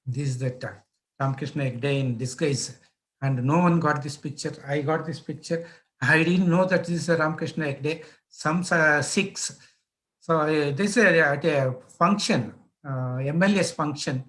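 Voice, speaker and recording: Older indian guy, karnataka accent, bit high voice, rambling storytelling lecture with lots of uh and restarts. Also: fairly bright tone, rough recording. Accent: Indian English, Karnataka. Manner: storytelling, with frequent pauses and restarts; acts out quoted dialogue, mixing in Kannada phrases. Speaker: news photographer, guest lecturer. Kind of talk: anecdotal lecture. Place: online lecture.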